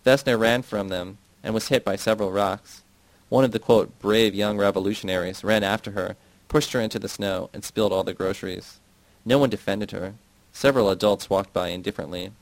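A man narrating an audiobook in a measured, steady reading voice. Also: on the low side, creaky, no echo, poor audio. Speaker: audiobook reader. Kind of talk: scripted narration.

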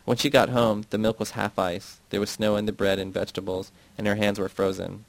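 A man narrating an audiobook in a measured, steady reading voice. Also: fairly low pitch, creaky, no room sound, low-quality recording. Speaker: audiobook reader. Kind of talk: scripted narration.

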